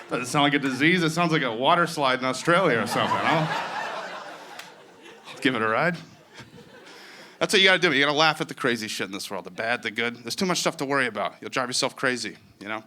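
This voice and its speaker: A man's voice: mid-range voice, lively intonation, fast, a crowd in the background. A man doing stand-up comedy in a wry, conversational way.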